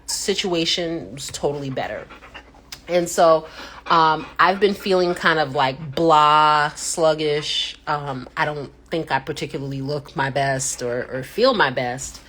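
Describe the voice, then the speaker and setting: Lively woman telling a story. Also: unhurried. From United States. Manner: animated storyteller who acts out quotes with sudden pitch jumps. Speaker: host. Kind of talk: casual livestream chat.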